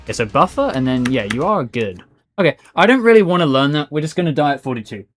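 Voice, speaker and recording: A man's voice: fairly high pitch, big pitch swings, fast talker, faint music behind. A man streaming a game, talking to himself and his chat in a rambling, casual way and calling people "bro". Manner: chatty, rambling, says "bro" a lot. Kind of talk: live gameplay commentary.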